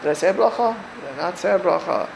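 An older man with a high voice teaches a religious class in a loose, chatty way. He circles back over his points and keeps asking rhetorical questions. A faint hum of the room sits behind him. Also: expressive, quick pace, vocal fry, low-quality recording. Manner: conversational, rhetorical questions, repeats phrases. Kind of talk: Torah class lecture.

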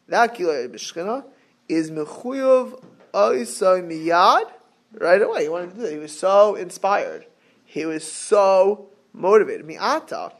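A man teaching a lively Torah class as a rabbi, joking and acting out little scenes, with Hebrew and Yiddish terms woven in. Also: sits high.

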